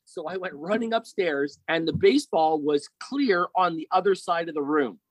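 A man's voice: a little high, normal speed, no echo, poor audio. A middle-aged man telling a personal story as a podcast guest, rambling and often checking in with "right?".

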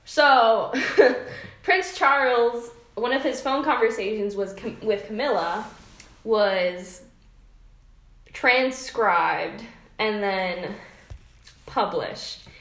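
A woman's voice: medium pitch, drawn-out words, pauses often. A woman in casual chat, telling a scandalous story with playful relish and frequent laughter. Her voice sits in an ordinary middle register. The room adds a noticeable echo. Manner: laughs often, playful gossiping. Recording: roomy echo.

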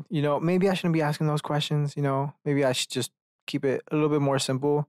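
A man's voice: fairly high pitch, steady tone, a little fast, darkish tone, clear, resonant tone, dry recording, clean studio sound. Rambling, profane man hosting a solo podcast. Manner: rambling and profane, self-mocking asides. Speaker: podcast host.

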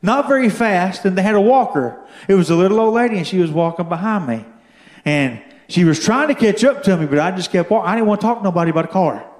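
A man telling a story from his own life as a testimony during a sermon, building to shouted fervor. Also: sits high, animated, quick pace, reverberant. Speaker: guest speaker giving testimony. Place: church.

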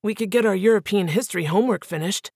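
A woman's voice: medium pitch, quick pace, gravelly, a little mellow, husky, no room sound, clean studio sound. Woman reading a friendly teenage boy.

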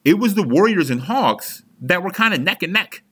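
A man's voice: high voice, big pitch swings, normal speed, bright, forceful tone, breathy edge. A young man hosting a sports podcast, ranting angrily as a frustrated fan, heated and profane with frequent restarts. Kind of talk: angry fan rant.

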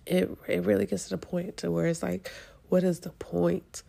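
A woman hosting her own podcast, venting in a halting, profane, frustrated way while near tears and congested. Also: fairly low pitch, level tone, vocal fry, dark tone. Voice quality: congested from sinus trouble. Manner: halting, profane and frustrated, with many restarts and trailing pauses. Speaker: podcast host. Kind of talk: emotional solo podcast venting.

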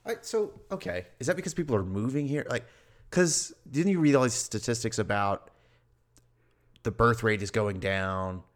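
A man's voice: medium pitch, expressive, moderate pace. A man co-hosting a podcast in casual chat, rambling and hedging with lots of filler words. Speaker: podcast co-host.

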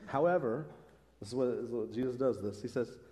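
A man's voice: mid-range voice, fairly quick, warm tone, long reverb tail. A man preaching a sermon as pastor, speaking earnestly and conversationally, lifting his voice for emphasis. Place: church sanctuary.

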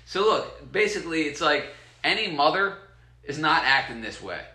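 A man in casual chat, telling a story with animated, loud quoted bits and free swearing. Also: a little high, normal speed, roomy sound.

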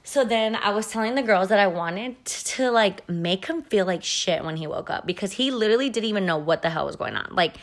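A woman's voice: mid-range voice, expressive, fairly quick, few pauses. A woman hosting a podcast, telling a story in a chatty, profane way and saying "like" constantly. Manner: chatty and profane, heavy use of "like". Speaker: podcast host. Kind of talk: casual storytelling.

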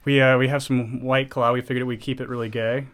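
A man's voice: medium pitch, flat delivery, brisk, a bit bright. A man hosting a casual livestream podcast, loose and swearing freely, with lots of ums. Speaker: podcast host.

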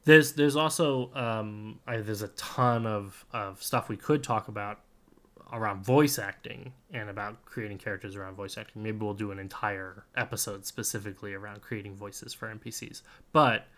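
A man's voice: lowish voice, steady tone, normal speed, a bit bright. A man co-hosting a tabletop gaming podcast, chatting casually and rambling a little, laughing often. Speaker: podcast co-host, game master. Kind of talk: casual chat.

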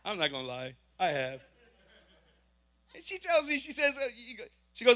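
A man shares a testimony before a congregation and tells it as a lively story. His voice sits high and sounds very bright and sharp. He acts out the dialogue as he goes, so his delivery swings between punchy, playful lines and quieter, earnest ones. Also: normal speed. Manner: animated storyteller acting out dialogue. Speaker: church member giving testimony.

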